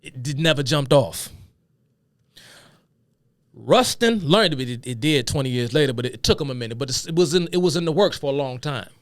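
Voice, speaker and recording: A man's voice: medium pitch, lively intonation, normal speed, no room sound, clean studio sound. A man speaking hosts a solo political commentary, reading quotes aloud and breaking off into heated, profane rants. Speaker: commentary host.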